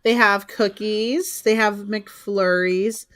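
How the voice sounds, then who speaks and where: A woman co-hosting a livestream in casual chat, reading menu items aloud slowly and chatting. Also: medium pitch, steady tone, fairly bright tone. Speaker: co-host of a reseller livestream.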